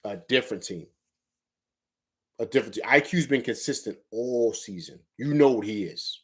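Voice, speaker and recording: A man's voice: medium pitch, expressive, moderate pace, a bit bright. A man from Harlem, New York, talking through a game on his live sports show in a mid-range voice. He hammers his points home by repeating them. At times he sounds like a coach barking instructions from the sideline. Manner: emphatic, repeats phrases, coaching tone. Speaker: sports talk show host. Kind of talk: casual live sports talk.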